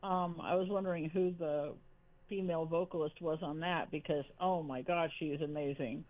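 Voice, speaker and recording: A woman's voice: low voice, steady tone, moderate pace. A woman calling in to a radio show, eager and gushing, hesitating often with ums. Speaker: caller. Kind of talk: casual phone-in chat. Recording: tinny phone line.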